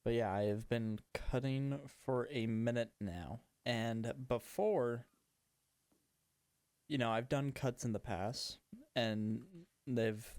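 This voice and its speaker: A man's voice: lowish voice, darkish tone, dry recording. A man hosting a casual gaming podcast, chatting in a rambling, self-mocking way while he plays. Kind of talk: casual chat while playing a game.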